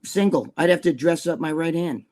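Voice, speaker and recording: A man's voice: a little high, moderate pace, a little mellow. An older man chatting as a guest, rambling and profane with many restarts. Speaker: guest, bodybuilding columnist. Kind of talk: casual live chat.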